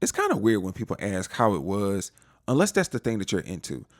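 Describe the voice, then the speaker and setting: A man's voice: on the low side, wildly swooping pitch, fairly quick, no echo, studio quality. A man hosting a casual TV episode recap, retelling scenes with slangy asides. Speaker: TV recap host.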